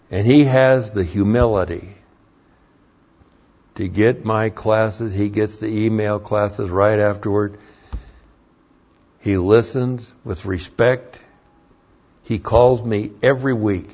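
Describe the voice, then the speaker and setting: An older male pastor delivers a sermon in a low, deliberate voice that drifts between homespun storytelling and rising emphasis. He takes his time with every phrase. The recording is dull and lo-fi. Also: steady tone, darkish tone. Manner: folksy storytelling that rises into emphatic preaching.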